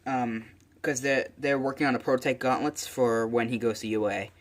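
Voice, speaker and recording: A man's voice: mid-range voice, fairly even intonation, moderate pace. A man casually narrating a fan story, rambling with lots of fillers and self-corrections. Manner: rambling, many fillers and restarts. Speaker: channel host.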